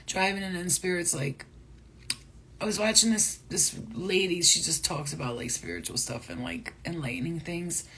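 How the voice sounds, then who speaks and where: Low-voiced lady rambling through a spiritual reading, swears a lot, gets excited, faint hiss in the background. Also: normal speed. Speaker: spiritual reader. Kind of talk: casual spiritual reading to camera.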